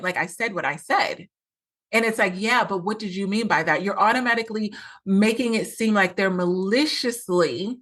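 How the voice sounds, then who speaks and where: A woman's voice: mid-range voice, a bit bright. A woman hosting a solo podcast, talking earnestly as a coach and acting out quoted lines with a lot of repetition.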